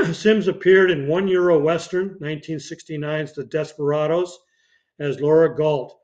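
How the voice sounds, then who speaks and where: A man hosting a podcast, reading obituaries with dates and film credits in a steady way, now and then slipping and starting a phrase again. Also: a little high, unhurried. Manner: reads dates and credits steadily, with occasional slips and restarts. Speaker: podcast host. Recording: dull lo-fi podcast audio.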